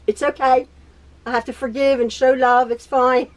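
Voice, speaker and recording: High-voiced chatty woman in her sewing room. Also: little pitch movement, unhurried. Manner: rambling, laughs often, repeats and stutters. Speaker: quilting tutorial host. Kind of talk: chatty personal catch-up.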